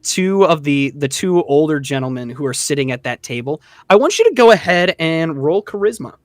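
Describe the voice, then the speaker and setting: A man running a tabletop game as dungeon master, telling the scene in a casual, animated way with lots of fillers. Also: a little high, fairly quick, no room sound, studio quality.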